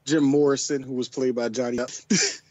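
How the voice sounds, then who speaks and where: A man's voice: mid-range voice, fairly even intonation, moderate pace, a little mellow. A man co-hosting a casual movie chat, joking and teasing his friends. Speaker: podcast co-host.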